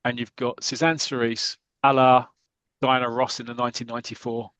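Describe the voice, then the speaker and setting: A man's voice: mid-range voice, flat delivery, brisk, fairly bright tone, no room sound, rough recording. A man, a podcast co-host, chattily retelling a comic story in a rambling, casual way.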